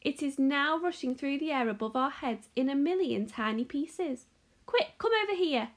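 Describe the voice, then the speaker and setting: Lady reading as a hyper eccentric candy man, bossy and shouty, high and bouncy voice. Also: moderate pace. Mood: excited. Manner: excited, commanding, exclamatory. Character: excitable eccentric male chocolate maker. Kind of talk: storybook read-aloud.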